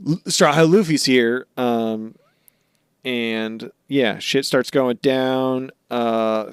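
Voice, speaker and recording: Male podcast co-host, mid pitch, smooth voice, loose rambling recap style, dead-dry close mic. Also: darkish tone, dry recording. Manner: rambling recap with many fillers and goofy voiced asides. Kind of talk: casual chat recapping anime episodes.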